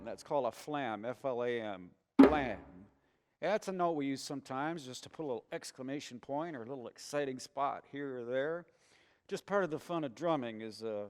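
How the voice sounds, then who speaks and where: Man teaching hand drumming in reverb. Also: medium pitch. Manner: chanting rhythm phrases while drumming, encouraging. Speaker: drum circle teacher. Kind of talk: hand drum lesson. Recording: reverberant room with loud drumming. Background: hand drum playing.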